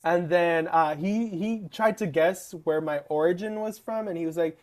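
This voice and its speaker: Young podcast co-host, animated storyteller. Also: medium pitch, moderate pace. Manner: animated storyteller, acts out quoted people. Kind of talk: casual chat.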